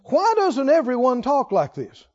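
A man with a strikingly high voice preaches from the pulpit of a church sanctuary at a measured pace, his pitch swooping wildly. He presses the congregation with rhetorical questions and hammers his points home through emphatic repetition. A long church reverb hangs on the dull, muffled recording.

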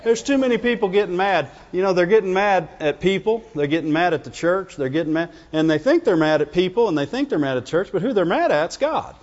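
A man's voice: high voice, animated, a little fast, few pauses. A man preaching a conversational sermon to his congregation, often checking in with "Amen?" and "Right?". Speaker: pastor. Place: church sanctuary. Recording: dull reverberant church recording.

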